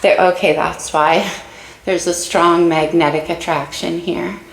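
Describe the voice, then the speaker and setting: A woman's voice: fairly low pitch, steady tone, measured pace, creaky, echoey room, poor audio. A woman giving a casual spoken tarot reading, musing and speaking straight to her viewers while a little out of breath. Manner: dreamy, musing, talks to viewers directly. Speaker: tarot reader.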